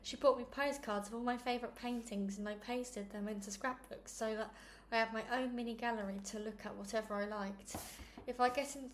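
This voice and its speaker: A woman who hosts a read-along channel, chatty and upbeat before reading a chapter aloud in a steady narration. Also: fairly high pitch, a little fast, slight background noise. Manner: chatty and upbeat, self-deprecating. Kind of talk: casual intro, then read-along narration.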